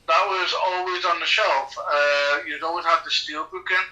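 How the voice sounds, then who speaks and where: Brief: chatty male podcast co-host, bright and a touch high, rambles through film chat. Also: fairly even intonation, moderate pace, rough recording. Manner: rambling, chatty, laughs often. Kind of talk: casual film commentary chat.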